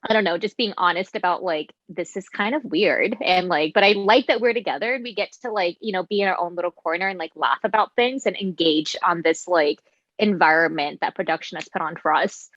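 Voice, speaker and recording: A woman's voice: fairly low pitch, brisk, a bit bright, no echo, dull audio. A woman co-hosting a podcast, chatting casually in a reflective, hedging way. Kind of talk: casual chat.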